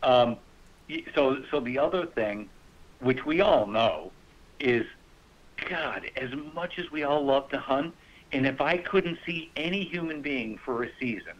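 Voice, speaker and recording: A man swapping hunting stories in a relaxed podcast conversation, his voice sitting at a middle pitch. He tells them with animation and laughter, dropping into other people's voices as he quotes them. The remote audio is muffled and slightly lo-fi. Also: measured pace. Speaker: guest hunter. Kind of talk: casual storytelling.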